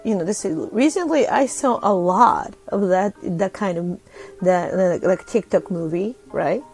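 A Japanese woman hosts a relaxed live audio chat, full of fillers and easy back-and-forth between English and Japanese. Her voice has a gravelly fry, set at a middle pitch. Faint music plays underneath. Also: measured pace, low-quality recording. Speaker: host.

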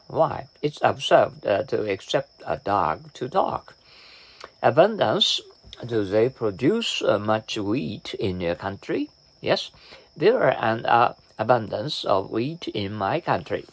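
Slow, hesitant man reading practice dialogues. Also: mid-range voice, gravelly. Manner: hesitant, frequent "uh" fillers and restarts; reads both sides of each dialogue. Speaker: language practice reader. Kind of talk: reading example dialogues aloud.

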